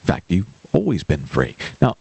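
A male radio host with a gravelly edge and a lively, swooping delivery. He tells a story with emphasis and acts out its characters. The sound is dry and close, as if from a studio booth. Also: deep voice, normal speed, dry recording. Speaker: radio show host and life coach. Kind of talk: radio call-in show monologue.

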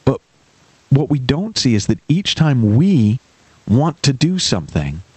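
A man's voice: medium pitch, very animated, unhurried, darkish tone, husky, no echo. A man hosting a radio coaching show, telling a story in an emphatic, storytelling manner and acting out the characters in it. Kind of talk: radio call-in show monologue.

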